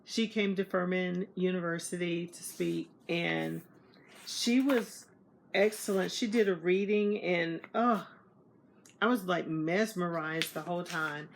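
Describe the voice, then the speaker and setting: A woman's voice: measured pace, creaky. A young woman, chatting casually to camera about meeting authors and acting out what people said. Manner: animated, acts out quoted dialogue in higher voice. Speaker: book vlogger.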